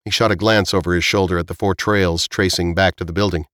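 A male audiobook narrator with a very deep, low voice, reading in an even, measured way. The recording is close-miked and completely dry, with no room sound. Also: no room sound.

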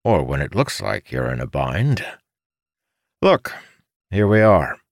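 A man voicing a calm, reassuring young male mage in a fantasy audiobook. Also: low-pitched, slow, no echo, clean studio sound, heavily acted.

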